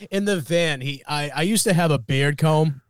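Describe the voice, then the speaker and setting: A man's voice: fairly high pitch, measured pace, clear, resonant tone, no room sound, studio quality. A young man co-hosting a casual chat, telling stories loosely and swearing as he goes. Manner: casual, swears, laughs mid-story. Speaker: podcast co-host.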